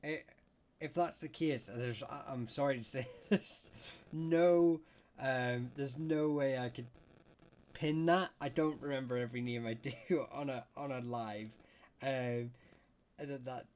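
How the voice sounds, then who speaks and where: A man's voice: mid-range voice, fairly even intonation, a little slow, a little mellow. A man hosting a livestream and answering viewers' questions, with lots of "uh" and "um" and frequent restarts. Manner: hesitant, many fillers and restarts; reads chat questions aloud. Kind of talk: casual livestream chat.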